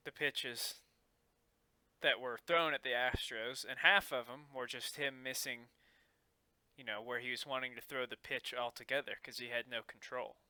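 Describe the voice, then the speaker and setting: Bright, crisp man chiming in. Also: mid-range voice, steady tone, no room sound, low-quality recording. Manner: quick backing remarks and short comebacks. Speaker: podcast co-host. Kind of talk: casual chat.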